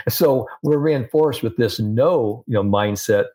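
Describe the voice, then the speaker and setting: A man in his sixties, a sports psychologist, telling stories and anecdotes in a relaxed podcast conversation. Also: medium pitch, takes it slowly. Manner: storytelling, animated with anecdotes and quotes.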